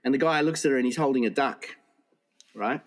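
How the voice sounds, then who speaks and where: A man's voice: mid-range voice, fairly quick. A man co-hosting a casual comedy podcast. He rambles through jokes and laughs at his own punchlines. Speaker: podcast co-host.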